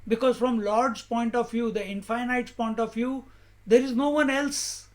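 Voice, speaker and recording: A man giving a spiritual discourse as a teacher, asking rhetorical questions in a measured, emphatic way. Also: very high voice, fairly even intonation.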